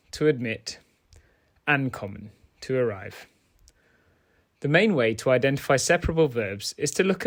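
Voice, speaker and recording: Guy teaching a grammar lesson, middle pitch, calm and clear, swaps between english and german.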